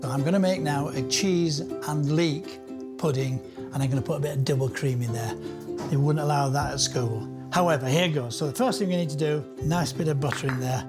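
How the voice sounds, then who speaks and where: Older man, chef, step-by-step cookery demo, slightly high voice, clear guitar music under. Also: fairly quick. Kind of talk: cookery demonstration.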